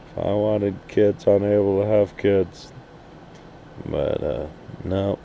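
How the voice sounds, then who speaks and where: Gravelly, dark-voiced man ranting slowly. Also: lowish voice, a little hiss or hum. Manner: profane, blunt, rambling. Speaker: RV vlogger. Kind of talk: casual rant to camera. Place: outdoors at night at an RV park.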